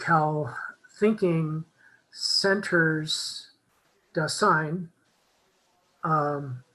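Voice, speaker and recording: A participant in a casual discussion group, speaking hesitantly with many fillers and pauses. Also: mid-range voice, fairly bright tone, slight background noise, poor audio. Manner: hesitant, halting, full of fillers.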